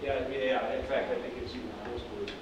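A man's voice: medium pitch, fairly even intonation, brisk, highs cut off. A man teaching a class, talking in a conversational, digressive way and repeating points for emphasis. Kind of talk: classroom lecture. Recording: echoey classroom, speaker far from mic, background noise.

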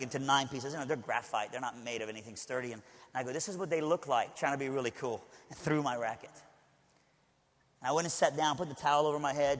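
A male preacher from Alabama telling a personal story in a sermon, talking conversationally with frequent asides to the audience. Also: mid-range voice. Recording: long hall reverb.

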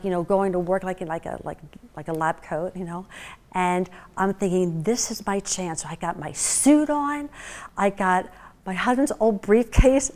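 A woman giving a talk to a class, telling a story in a chatty way, full of fillers, and acting out the voices of the people she quotes. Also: mid-range voice. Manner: chatty, with many fillers like "you know" and "like". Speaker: guest speaker.

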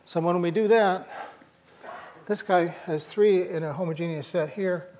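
A man's voice: sits high, unhurried, darkish tone, a little hiss or hum. An older man giving a university lecture, thinking aloud with fillers and restarts and slipping in dry jokes.

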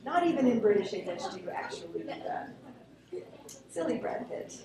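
A woman gives a lively, casual classroom lecture and keeps asking her students questions. Her voice sits fairly high. She is recorded from across a very echoey room. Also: normal speed, a crowd in the background. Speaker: linguistics teacher. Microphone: room recording from a distance. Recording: very echoey classroom, distant mic.

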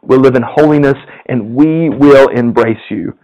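A campus minister preaching a sermon, telling a story with frequent chuckles and animated delivery. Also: male voice, mid-range voice, unhurried, highs cut off.

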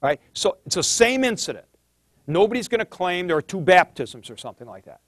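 A man's voice: high voice, sing-song, fairly quick, a bit bright, no echo, studio quality. A middle-aged man teaching a theology class in a conversational lecture, thinking aloud and stressing key points.

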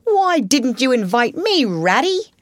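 A bluff, easygoing male otter who chats gruffly, as a woman reading the storybook puts him on. His voice is pitched up and animated. The sound is dry. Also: a little slow, no room sound. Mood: chatty.

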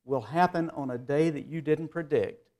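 Folksy Southern man, slightly high voice. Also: moderate pace, mellow. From North Carolina, US. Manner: folksy, self-deprecating storyteller. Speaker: keynote speaker. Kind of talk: keynote speech with humorous anecdotes.

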